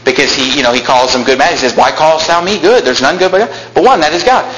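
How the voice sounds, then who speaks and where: A man's voice: a little high, fast talker, fairly bright tone. A man preaching a sermon, telling stories and rising to emphatic peaks. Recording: echoey room with faint noise.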